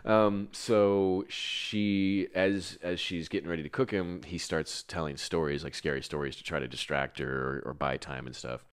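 A young man with a notably deep voice chats casually. He tells a long, rambling story, laughing often and swearing freely. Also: fairly even intonation, normal speed, few pauses, clear, resonant tone. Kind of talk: casual chat.

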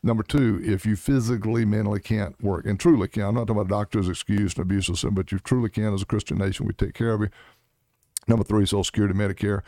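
A man's voice: fairly low pitch, steady tone, fast talker, warm tone, no echo, clean studio sound. A middle-aged man, a Senate candidate in a political interview, talking bluntly in punchy, emphatic short statements.

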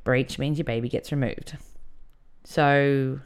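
A woman's voice: very deep voice, steady tone, takes it slowly, clean tone. A woman hosting a podcast, candidly telling a personal story in a conversational way. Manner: candid and conversational, with many fillers. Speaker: podcast host.

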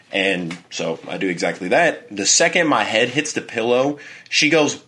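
A man's voice: fairly low pitch, normal speed. A young man on a podcast telling a story in casual chat, swearing freely and acting out quotes in a raised voice. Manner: animated storytelling, heavy swearing. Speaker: podcast co-host.

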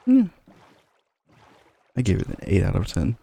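Low dark-voiced guy, gravelly, chill and playful while gaming, bit of hiss behind. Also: unhurried. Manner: relaxed, chatty, playful. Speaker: gamer. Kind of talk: casual co-op gameplay chat.

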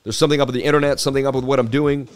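A man's voice: mid-range voice, flat delivery, rapid-fire, smooth, no room sound. A middle-aged man hosting a casual crypto live stream, chatty, with a sports-presenter delivery. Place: traveling.

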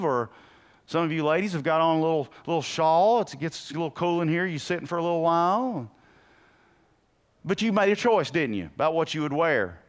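A man delivers a sermon from the pulpit of a church, his voice sitting a little higher than most men's. He swings from hushed, intimate passages to loud, driving ones. He keeps throwing questions out to the congregation. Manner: dynamic preaching, swinging between hushed and loud. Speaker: pastor.

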